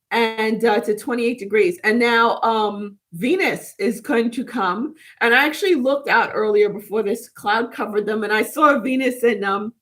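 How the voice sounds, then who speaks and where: A woman's voice: fairly high pitch, a bit bright. A woman hosting a casual spiritual livestream, rambling and chatty as she reads and answers viewers' live comments from home.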